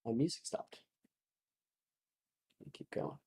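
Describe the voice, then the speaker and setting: A man's voice: measured pace, mellow. A man narrating as game master in a casual, rambling way, often laughing.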